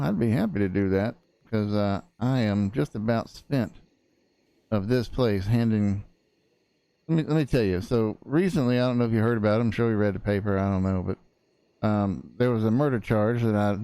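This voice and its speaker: Rambling folksy man, smooth low voice. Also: normal speed, mellow, dry recording. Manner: rambling, folksy, full of fillers. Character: cranky old frontier lawyer. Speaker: prosecutor. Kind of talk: in-character roleplay chat.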